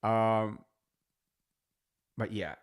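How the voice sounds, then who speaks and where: A man's voice: fairly low pitch, fairly even intonation, very slow, smooth. A man hosting a casual reality TV recap, chatty and gossipy, swearing freely. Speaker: host.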